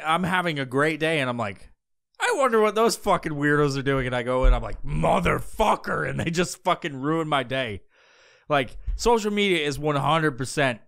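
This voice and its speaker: A man's voice: fairly high pitch, fairly bright tone, clean tone. A man hosting a podcast, rambling crudely and sarcastically with lots of fillers and swearing. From Pacific Northwest. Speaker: podcast host. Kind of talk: casual profane monologue. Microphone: podcast mic.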